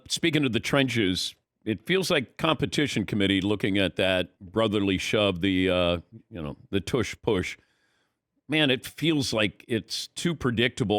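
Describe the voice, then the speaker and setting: A man hosting a sports show, asking his guest questions in a relaxed, easy way. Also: on the low side, a little slow, dry recording, studio quality. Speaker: radio show host. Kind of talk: casual interview questions.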